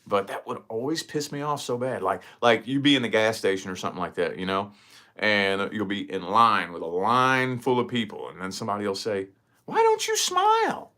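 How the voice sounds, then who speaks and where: Speaking a little fast in a lowish voice, a man vlogs to camera, spinning rambling, foul-mouthed stories with plenty of energy.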